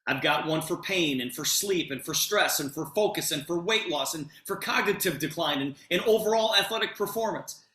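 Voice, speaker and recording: A middle-aged man retelling a conversation to an audience with lots of expressive emphasis. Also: on the high side, moderate pace, echoey room. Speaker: presenter telling a personal story. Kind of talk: animated storytelling to an audience.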